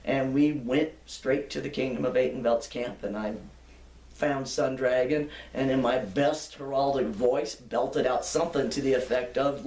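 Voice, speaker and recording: A woman's voice: rumbling low, fairly even intonation, a little slow, warm tone, recorded from a distance. An older woman being interviewed, telling long anecdotes in a chatty, laughing way. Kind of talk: reminiscing storytelling. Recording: echoey room, off-mic.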